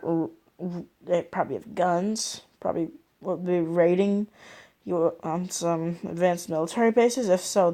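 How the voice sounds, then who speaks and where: A woman's voice: lowish voice, gravelly, darkish tone. A woman hosting a reaction video, rambling and thinking aloud with lots of fillers. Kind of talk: casual reaction commentary.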